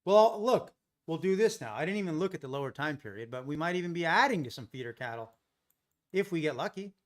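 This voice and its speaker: A man's voice: fairly high pitch, expressive, brisk. Chatty man streaming live trades. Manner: chatty, thinks aloud, jokes with chat. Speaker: day trading livestream host. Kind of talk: live trading commentary.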